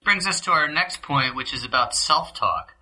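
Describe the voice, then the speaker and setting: Bright, breathy-voiced hesitant male host. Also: a little high, expressive, moderate pace, low-quality recording. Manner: hesitant, with frequent ums. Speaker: podcast host. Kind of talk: podcast interview questions.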